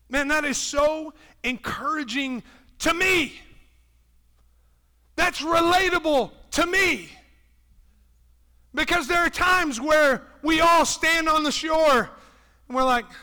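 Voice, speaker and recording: A male pastor preaching a sermon with passion, shifting between loud, shouted lines and hushed, quiet ones, and acting out quoted voices as he goes. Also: extremely high pitch, a little slow. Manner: impassioned, swings from loud preaching to hushed tones. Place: church.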